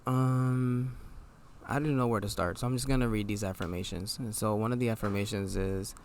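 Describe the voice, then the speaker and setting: A tired man with a nasal voice, hosting a podcast. He talks in a casual, reflective monologue and reads affirmations aloud in a low, laid-back way. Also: steady tone, normal speed, a little mellow, a little hiss or hum. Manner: low, laid-back delivery with mild swearing. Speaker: podcast host.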